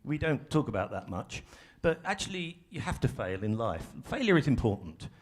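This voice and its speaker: Animated man presenting onstage. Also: mid-range voice, normal speed. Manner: animated, conversational, self-deprecating humor. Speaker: workshop facilitator. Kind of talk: live presentation to an audience. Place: large ballroom stage.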